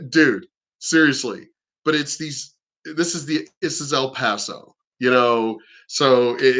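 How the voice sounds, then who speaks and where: A man's voice: medium pitch, bright, forceful tone. A man from the East Coast ranting bluntly and animatedly on his vlog, cursing freely. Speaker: vlogger. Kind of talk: casual profane rant.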